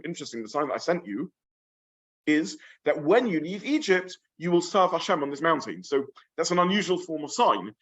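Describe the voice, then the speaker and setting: A man, a rabbi teaching a weekly Torah class to a live group in a study room, talking thoughtfully and haltingly with many fillers and restarts. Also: on the high side. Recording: slightly dull lo-fi room recording.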